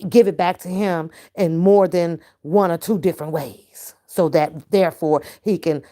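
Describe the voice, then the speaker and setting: A woman's voice: fairly low pitch, normal speed, dark tone. A woman ranting straight at her viewers in a casual vlog, profane and often laughing. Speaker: reaction vlogger. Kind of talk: casual to-camera rant.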